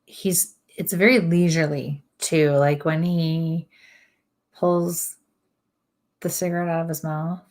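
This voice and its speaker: Woman, medium, live psychic reading, deep voice, halting delivery. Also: a little mellow. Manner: hesitant, halting delivery with many fillers.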